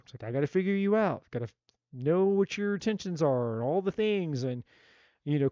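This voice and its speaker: A man giving a live tarot reading in a blunt, animated way, swearing freely and acting out what people might say. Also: fairly high pitch, no room sound, muffled recording. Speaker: tarot reader.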